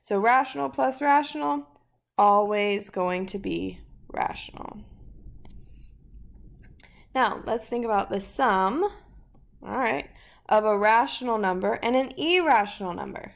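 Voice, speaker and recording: A woman's voice: medium pitch, a little slow, creaky, long pauses. A woman teaching a math lesson in a casual way, thinking aloud through examples in an upbeat, chatty manner.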